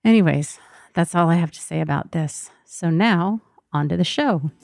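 A woman's voice: on the low side, moderate pace, creaky, darkish tone. A woman therapist hosting her podcast, talking candidly and vulnerably in a personal monologue. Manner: candid, vulnerable, emotionally raw.

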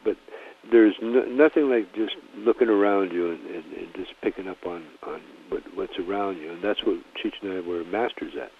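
A man's voice: low-pitched, moderate pace, slight background noise. A man, a comedian guest in a casual phone interview, talking in a rambling, laid-back way full of restarts and "you know". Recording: tinny phone line.

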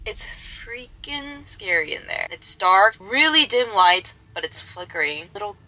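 A woman's voice: medium pitch, big pitch swings, unhurried, sharp tone, low-quality recording. A young adult woman vlogging, telling a story casually and animatedly, sometimes dropping to a whisper for suspense.

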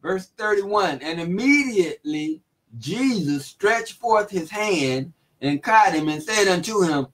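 A man teaching the Bible in a relaxed, casual way, reading verses and retelling them in everyday speech with frequent chuckles. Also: sits high, takes it slowly, rough recording.

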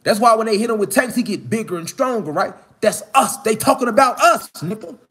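A man giving a fired-up, profane, slangy preaching monologue outdoors in the mountains, often rising to shouts. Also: sits high, expressive, fairly quick, husky. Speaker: spiritual commentator.

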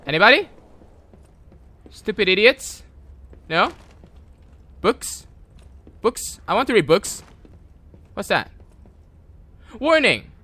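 A man giving casual gameplay commentary, excitable and jokey, talking to the game characters and yelling at sudden moments. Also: high voice, takes it slowly, long pauses. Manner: jokey, mock-sarcastic. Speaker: gameplay video creator.

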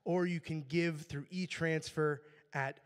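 Church leader, man, hoarse and worn, high-ish voice, earnest prayer, echoing sanctuary. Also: fairly even intonation, unhurried. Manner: earnest and reverent. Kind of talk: church announcements and spoken prayer. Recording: long church-hall reverb.

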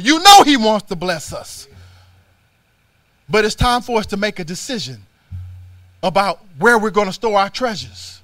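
A man's voice: high-pitched, expressive, normal speed, a bit bright, no room sound. A man preaching a sermon as youth pastor in a church, with a fervent, repetitive cadence and folksy everyday phrasing. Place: church sanctuary.

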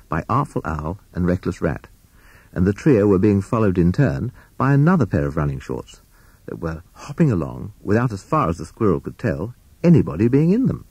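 A man reading a children's storybook aloud as narrator, in an expressive, animated way. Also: low voice, breathy edge, dry recording.

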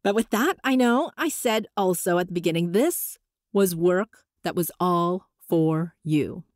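A woman hosting a solo podcast, coaching listeners in an encouraging, animated way with playful voice shifts. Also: fairly low pitch, unhurried, dry recording, clean studio sound. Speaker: podcast host.

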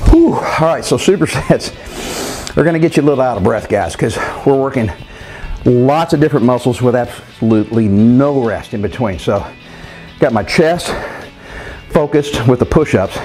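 A male fitness coach with a medium-pitched, darkish voice leads a home workout, explaining the exercises directly to viewers. He calls them "guys" and counts reps aloud.

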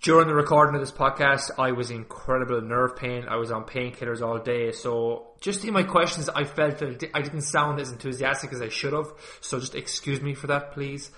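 A man's voice: medium pitch, brisk, few pauses, bright, forceful tone. A man hosting a podcast, introducing his guest in a chatty, loose way with restarts and fillers. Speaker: podcast host. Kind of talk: casual interview intro. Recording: roomy echo with faint music, slightly dull.

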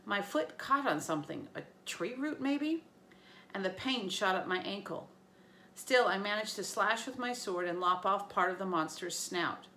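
Female teacher reading a chapter aloud to sixth graders, lively and bright. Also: medium pitch, moderate pace, a little hiss or hum. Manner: lively storytelling with small slips. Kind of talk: reading a novel aloud to students.

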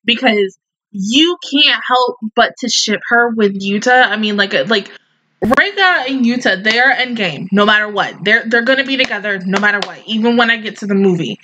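A woman with a bright, high-leaning voice reacts to anime episodes in casual commentary. She rambles and gushes, swearing freely as her feelings spill out. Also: moderate pace, highs cut off.

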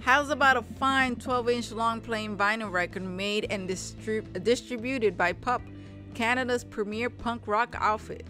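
A woman voicing a brash young male bassist kid who loudly hawks band merch with pushy salesman patter in a video game. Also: a little slow, faint music behind. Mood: hawking.

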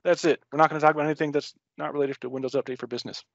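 A man's voice: fairly high pitch, fairly even intonation, racing, vocal fry, no echo, highs cut off. Rambling, joking male tech presenter. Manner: rambling, self-interrupting, joking. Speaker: user group presenter. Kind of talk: casual technical talk.

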